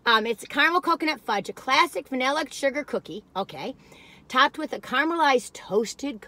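Bright-voiced older woman rambling. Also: sits high, lively intonation, moderate pace, a little hiss or hum. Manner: rambling, folksy, exclamatory. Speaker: cookie review vlogger. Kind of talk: casual chatty food review.

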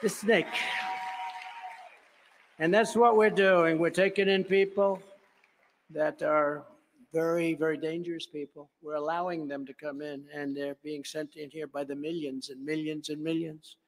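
An older man delivers an emphatic, repetitive rally speech full of conversational asides. His voice sits fairly high for a man. Long reverb from a large venue hangs on each phrase. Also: fairly even intonation, measured pace. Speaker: political speaker.

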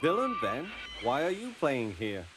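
A man's voice: medium pitch, huge pitch swings, a little slow, music in the background. A man doing a stern, fatherly old engine. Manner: severe, fatherly. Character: kind, firm older male steam engine.

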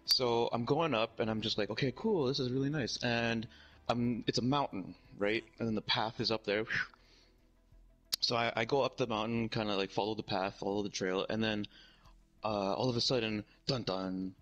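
A man's voice: lowish voice, normal speed, highs cut off, faint music behind. A young man chatting casually as a streamer, telling a long story in a rambling way, full of "like" and "right?". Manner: animated, rambling, heavy use of "like" and "right?".

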